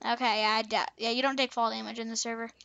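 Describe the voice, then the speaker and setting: A woman's voice: on the high side, flat delivery, quick pace, vocal fry, fairly bright tone, no room sound, dull audio. A young woman casually commenting on her gameplay, playful and chatty, repeating teasing taunts. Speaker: gaming channel host.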